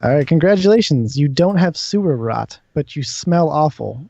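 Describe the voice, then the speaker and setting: A man's voice: on the high side, animated, moderate pace, vocal fry, dark tone. A man narrating as game master, explaining rules and describing scenes patiently. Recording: dull lo-fi stream audio.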